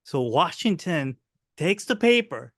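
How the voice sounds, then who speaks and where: A middle-aged man telling history as an interview guest, animated and earnest as he talks. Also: a little high, a little slow, no echo, clean studio sound. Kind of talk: interview answer, storytelling.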